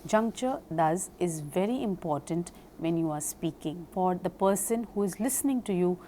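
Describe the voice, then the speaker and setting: A woman giving a recorded lecture on speaking skills. She talks slowly and deliberately and spells words out letter by letter. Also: lowish voice, lively intonation, dark tone, a little hiss or hum.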